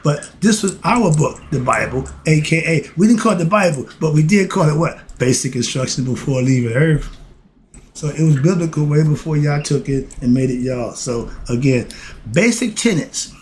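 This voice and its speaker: A man with a fairly high voice teaches an informal lesson in a streetwise, preachy way. He swears and laughs, flares into heated rants, then calms himself down. There is faint noise behind him. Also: normal speed. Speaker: self-styled philosophy teacher. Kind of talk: informal spoken lesson to viewers.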